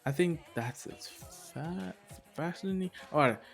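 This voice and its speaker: A man's voice: fairly high pitch, animated, measured pace, vocal fry, soft background music. A man casually retelling a fan-made anime story, rambling, correcting himself and laughing at his own jokes. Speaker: video creator.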